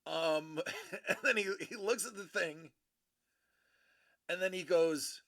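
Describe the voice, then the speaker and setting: A man spins a loose, chatty story for his livestream audience, doubling back and correcting himself as he talks. His voice sits a little high and has a bright, forceful edge, with a gravelly rasp underneath. He talks into a streaming microphone. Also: slow pace. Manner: rambling, chatty, self-correcting. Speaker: livestream host.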